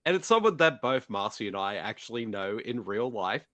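A man's voice: lowish voice, very animated, normal speed, fairly bright tone, no room sound, muffled recording. A man hosting a podcast, chatting casually and laughing often. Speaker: podcast host.

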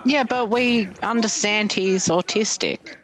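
A man's voice: sits high, a little slow, fairly bright tone, poor audio. A man chatting casually while watching a movie, wisecracking, swearing and asking questions.

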